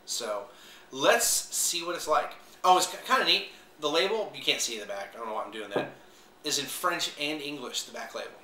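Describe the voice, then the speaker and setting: A man with a bright, forceful, slightly high voice talks through a wine review, filling gaps with ums and uhs. He sounds set back from the mic in an echoey room. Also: animated, moderate pace, distant mic, slight background noise. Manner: rambling, many fillers, unsure of pronunciations. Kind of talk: casual video review.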